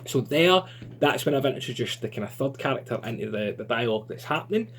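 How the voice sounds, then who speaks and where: A man's voice: medium pitch, lively intonation, fast. Chatty man teaching writing. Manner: chatty and informal, lots of fillers. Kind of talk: online lesson.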